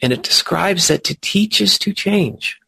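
A man's voice: high-pitched, lively intonation, unhurried, creaky, pushed and bright, breathy edge. A man teaching a spiritual study group, earnest and emphatic, drawing out key words, with chatty asides between readings.

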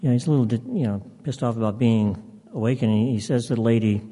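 A man's voice: mid-range voice, quick pace, dark tone. A man casually telling a long joke, rambling with plenty of fillers. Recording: long hall reverb.

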